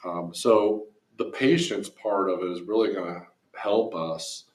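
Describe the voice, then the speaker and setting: A man hosting a casual podcast interview, talking in a measured, reflective way and affirming his guest often. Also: deep voice. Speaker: podcast host. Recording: echoey room, distant mic.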